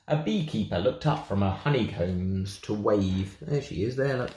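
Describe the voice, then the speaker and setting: A man's voice: lowish voice, expressive, moderate pace, few pauses, a little mellow, roomy sound. Playful English man reading a picture book. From England. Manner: playful, chatty asides. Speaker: storybook reader for a synagogue.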